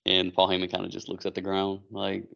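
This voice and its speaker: A man co-hosting a casual chat show, retelling events with animated acted-out quotes. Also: deep voice, fairly quick, creaky. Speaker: podcast co-host. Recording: dull lo-fi recording.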